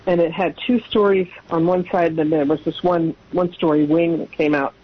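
A woman's voice: fairly low pitch, steady tone, a little fast, slightly rough. A woman in her sixties, a guest, chatting and laughing as she tells long rambling family stories. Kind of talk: casual anecdotal storytelling. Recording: dull lo-fi radio audio.

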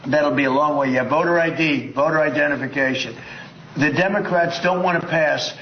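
Man with a somewhat high voice, emphatic, rambling lists, echoey lo-fi clip with faint hiss. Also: normal speed. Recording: roomy, dull sound with faint noise.

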